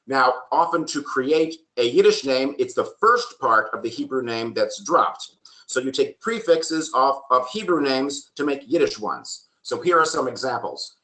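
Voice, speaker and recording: A man's voice: medium pitch, pushed and bright. A man presenting a genealogy workshop from slides, explaining steadily with frequent ums and the odd dry joke. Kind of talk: lecture with slides. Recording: roomy echo.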